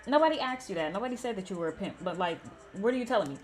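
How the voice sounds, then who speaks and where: A woman in her thirties hosting a gaming channel, telling a story in a blunt, animated way and swearing freely. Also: medium pitch, very fast, soft background music. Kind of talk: casual storytime chat.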